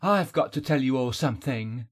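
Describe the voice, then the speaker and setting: A man's voice: mid-range voice, expressive, moderate pace, husky. A man voicing a remorseful male companion in an audiobook, earnest and pleading. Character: remorseful young male traitor confessing. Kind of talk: audiobook character voice.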